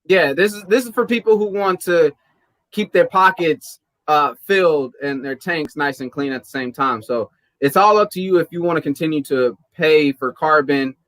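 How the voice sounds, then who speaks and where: A man hosting a casual podcast, relaxed and repeating himself to stress a point. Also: on the high side, normal speed, dry recording. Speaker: podcast host.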